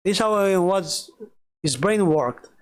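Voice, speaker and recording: Male gaming streamer, high voice, rambling and excitable, curses freely. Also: slow pace. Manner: rambling, excitable, swears a lot. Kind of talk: casual live-stream chat.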